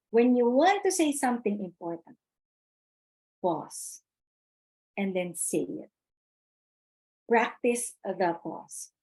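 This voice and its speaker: A woman's voice: fairly high pitch, warm tone, rough recording. Woman presenting a webinar. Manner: chatty, repeats key points, reads chat aloud. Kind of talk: live webinar talk.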